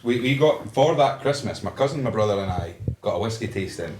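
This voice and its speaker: Low-voiced Scottish man telling a story. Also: a little fast. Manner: lively storyteller, laughs mid-story. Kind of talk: casual pub chat. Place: busy pub. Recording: roomy pub with faint noise.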